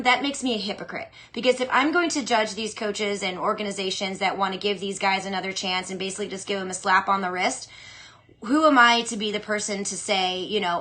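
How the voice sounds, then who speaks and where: A young adult woman hosting a fantasy football show, chatting casually and with strong opinions as she answers listener questions. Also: medium pitch. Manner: chatty, opinionated, animated, with quick asides. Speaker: fantasy football podcast host.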